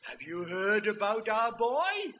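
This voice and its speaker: A man's voice: sits high, takes it slowly, slight background noise, exaggerated voice. A preacher voicing a frail, eager old man of ninety-three with a shaky, quavering voice, on a muffled recording. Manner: excited, exclaiming to his wife.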